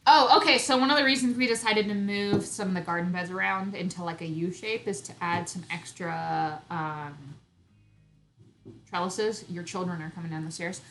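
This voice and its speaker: A woman in her thirties hosts a casual live chat from home for her homesteading channel, chatty and teasing and giggling often. Her voice is lowish and fairly bright, with fairly even intonation and normal speed, and there's slight background noise.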